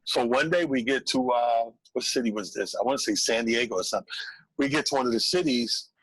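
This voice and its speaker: A man, a comedian telling an animated story on a call-in show, acting out voices. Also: medium pitch, brisk, slightly rough, no echo, rough recording. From Brooklyn, New York. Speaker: comedian guest.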